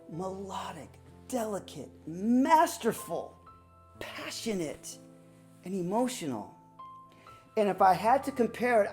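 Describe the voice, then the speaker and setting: A woman performing a personal story aloud, animated and dramatic, swinging between loud bursts and hushed moments. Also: mid-range voice. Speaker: student storyteller.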